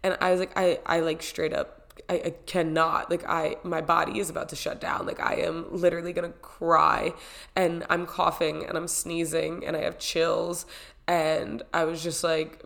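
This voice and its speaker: Gravelly-voiced young woman, chatty. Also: lowish voice, flat delivery, normal speed, fairly bright tone. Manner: chatty, with many fillers and frequent laughs. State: sick with a cold. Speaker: wellness vlogger. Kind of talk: casual chat.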